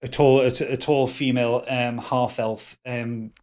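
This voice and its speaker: A man running a tabletop game, narrating scenes in a halting, descriptive way and laughing easily. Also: mid-range voice, flat delivery, darkish tone. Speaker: game master.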